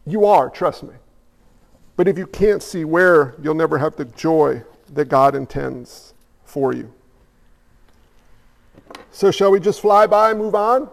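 A man's voice: fairly high pitch, lively intonation, slow, gravelly, pauses often. A male pastor preaching a conversational sermon, firing off rhetorical questions and repeating phrases for emphasis. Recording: reverberant hall.

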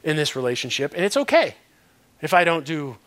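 A man's voice: on the high side, very animated, a little fast, a bit bright. A man playing a reluctant churchgoer who rambles hesitantly through excuses. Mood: whiny excuses.

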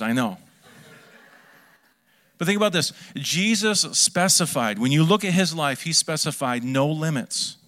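Joking, lively male pastor preaching. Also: fairly high pitch. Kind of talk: sermon.

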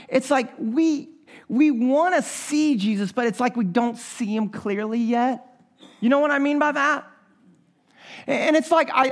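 A male pastor delivers a sermon in a notably high voice. He tells stories in a lively, animated way, acting out his own reactions as he goes.

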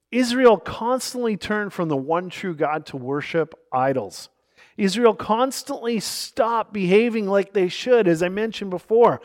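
A male pastor with a noticeably high voice preaches, reading scripture aloud and then telling illustrative stories, his delivery alternating between hushed passages and emphatic stresses.

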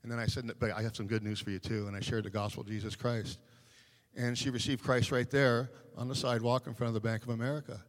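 A man's voice: medium pitch, little pitch movement, fast talker. Man telling stories in a reverberant hall. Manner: storytelling, many fillers and restarts. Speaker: personal evangelist. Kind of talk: casual testimony in a panel discussion.

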